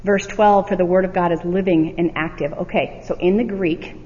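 A woman's voice: fairly low pitch, steady tone, normal speed, mellow. A woman teaching a Bible study, reading verses aloud and checking in with rhetorical questions in an earnest manner. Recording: dull audio with long hall reverb.

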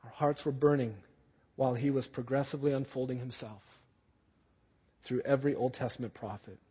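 A man's voice: medium pitch, warm tone, husky. A pastor preaching a sermon in an earnest, emphatic way and often putting questions to his listeners. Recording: dull lo-fi audio with long hall reverb.

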